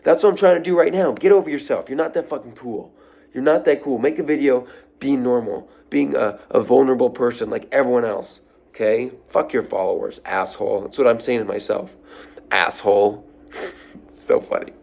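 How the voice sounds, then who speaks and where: Man, gravelly, mid-pitched, blunt, profane, repetitive, motivational vlog rant. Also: normal speed, a little mellow. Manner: blunt, profane, repeats phrases for emphasis. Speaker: social media creator.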